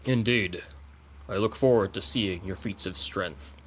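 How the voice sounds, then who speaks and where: A man's voice: deep voice, measured pace, a bit bright, slight background noise. A man playing a scarred, undead-looking male adventurer who deadpans boasts about his strength. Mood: boastful.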